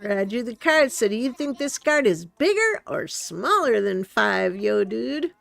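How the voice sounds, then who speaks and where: Woman voicing a gravelly jock animal dude. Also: a little high, sing-song, normal speed, fairly bright tone, full character voice. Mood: excited. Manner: hearty, sporty, says "yo, dude". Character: pumped-up male jock animal villager, upbeat gym buff. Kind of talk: reading game dialogue aloud.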